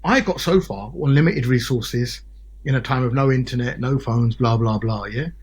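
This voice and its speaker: A man in his forties from Britain, a solicitor telling his story as a podcast guest in an animated way, often checking in with "yeah?" and "right?". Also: medium pitch, moderate pace, slight background noise. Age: 40s. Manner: animated, peppered with tag questions like "yeah?" and "right?". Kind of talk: casual podcast interview storytelling.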